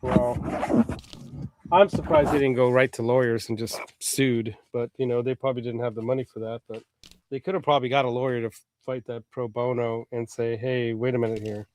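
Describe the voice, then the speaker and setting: A man's voice: medium pitch, steady tone, fairly quick, darkish tone, slight background noise. A man hosting a casual livestream chat, reading viewer comments aloud and laughing often. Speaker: livestream host.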